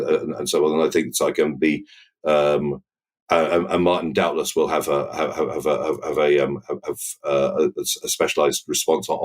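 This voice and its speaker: A very low, bass-voiced man with a near-BBC southern English accent. He talks in a stop-start way, repeating words and restarting his sentences as he answers interview questions. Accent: southern English, near standard BBC. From England. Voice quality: deep bass voice. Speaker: podcast guest. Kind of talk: conversational interview.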